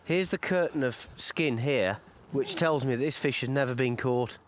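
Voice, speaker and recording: A man's voice: mid-range voice, moderate pace, a little hiss or hum. A man by a lake outdoors, talking casually and explaining the fish in a friendly, matey way. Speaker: angler presenter. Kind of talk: casual fishing chat.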